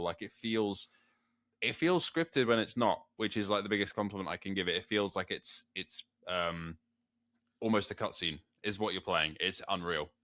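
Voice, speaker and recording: A man's voice: lowish voice, a bit bright, no echo. A British man guesting on a gaming podcast, talking eagerly with many restarts. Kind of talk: casual chat.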